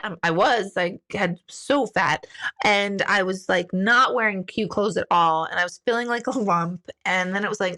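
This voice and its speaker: A woman in her forties hosting a casual live stream, reading viewer comments aloud and speaking candidly, acting out quotes with big jumps in pitch. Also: normal speed, sharp tone.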